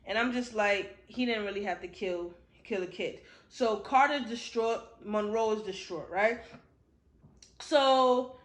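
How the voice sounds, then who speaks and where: A woman with a fairly high voice recaps a book in a loose, chatty way. Her talk is slangy and full of swearing. She is recorded in a roomy space with a noticeable echo. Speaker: book reviewer.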